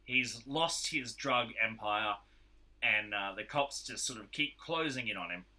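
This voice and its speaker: A man's voice: on the low side, lively intonation, unhurried, pushed and bright. An Australian man co-hosting a podcast, animatedly retelling a film's plot in casual chat and acting out the characters' lines. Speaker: podcast co-host. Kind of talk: casual film review chat.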